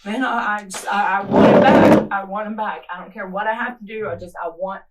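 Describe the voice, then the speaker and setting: A woman's voice: medium pitch, steady tone, a little fast. A woman, a mother of a missing child, pleading and angry, swearing as she confronts someone in an interrogation room. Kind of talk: emotional confrontation. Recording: distant surveillance camera, faint noise.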